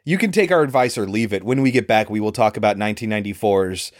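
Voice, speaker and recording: A man's voice: on the low side, fast talker. A man co-hosting a podcast, chatting casually and bluntly about a movie. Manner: opinionated, blunt. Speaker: podcast co-host. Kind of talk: casual movie review chat.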